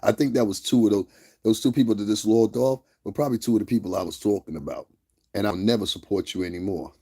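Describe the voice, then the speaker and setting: A man with a very low, mellow voice rants on his livestream. He talks bluntly and heatedly, swears freely and keeps asking his viewers whether they understand him. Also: fast, slightly rough. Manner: blunt, heated, profane, repeats "you understand what I'm saying". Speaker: livestream host. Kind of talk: profane livestream rant.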